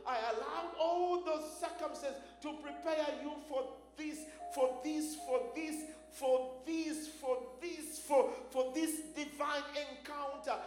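A man's voice: very high voice, voice pushed up. A man preacher voicing God speaking in a patient, reassuring and emphatic way. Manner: quick, emphatic, repetitive. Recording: echoey church hall, faint music.

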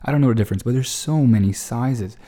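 A man's voice: medium pitch, fast talker. A man telling a long casual story to the camera, full of restarts and profanity, with an exasperated edge. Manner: rambling, profane, lots of restarts; exasperated, animated retelling. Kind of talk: casual anecdote monologue.

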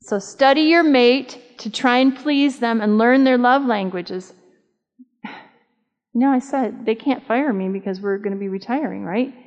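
A woman's voice: on the high side, unhurried, darkish tone. A woman in her fifties giving a conversational, humorous sermon at a church camp meeting, telling stories and asking the audience questions. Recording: dull sound with long hall reverb.

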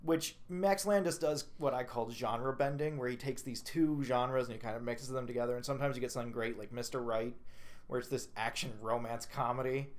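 A man co-hosting a podcast, chatting casually and retelling a film's scenes with excited, rambling enthusiasm. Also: mid-range voice, brisk. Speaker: podcast co-host. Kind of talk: casual movie review chat.

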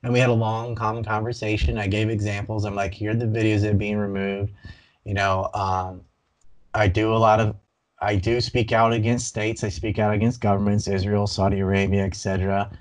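Rambling low-voiced man telling a story. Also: fairly quick. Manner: animated, rambling, restarts sentences. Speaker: guest; banned video creator. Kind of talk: casual storytelling interview.

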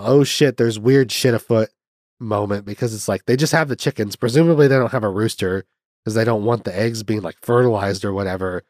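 A man's voice: fairly low pitch, darkish tone, dry recording, studio quality. A man casually reviewing a film, rambling with lots of fillers and restarts and the odd swear word.

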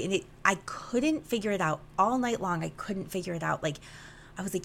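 Candid woman, low voice, swearing freely. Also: quick pace, gravelly, a little hiss or hum. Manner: emotional, swears freely, animated retelling. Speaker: podcast host. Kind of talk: candid personal podcast monologue.

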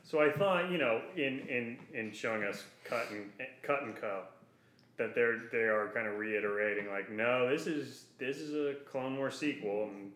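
A man's voice: mid-range voice, normal speed. Playful rambling podcast guy, roomy sound. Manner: animated, playful, rambling asides. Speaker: podcast co-host. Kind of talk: casual podcast chat. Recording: roomy echo. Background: dog heard at times.

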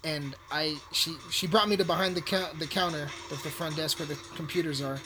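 A man's voice: on the high side, fairly even intonation, fairly quick, crowd noise. A man telling a rambling story in a casual, profane way while playing a video game. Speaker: hotel worker telling a story. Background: music playing.

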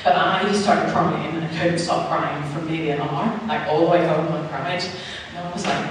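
A woman's voice: low-pitched, steady tone, normal speed, noisy background. A woman in her thirties with a Northern Irish accent giving a chatty, self-mocking personal testimony as a church speaker, acting out both sides of her conversations. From Northern Ireland. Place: church hall. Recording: echoey hall from far off.

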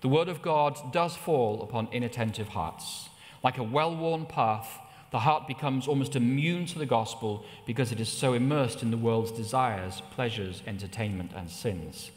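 A middle-aged man preaching a sermon, telling personal stories with lively rises in pitch. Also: normal speed. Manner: anecdotal, with animated rises in pitch. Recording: long hall reverb.

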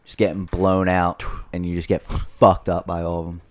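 A man's voice: sits low, monotone, normal speed, no room sound. A man on a podcast talking bluntly about football and swearing. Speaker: podcast co-host. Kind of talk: casual sports chat.

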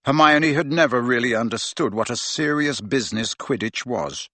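A man's voice: medium pitch, moderate pace, sharp tone, no echo. A man reading a novel aloud as a narrator, telling the story expressively. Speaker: audiobook narrator. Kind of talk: scripted narration.

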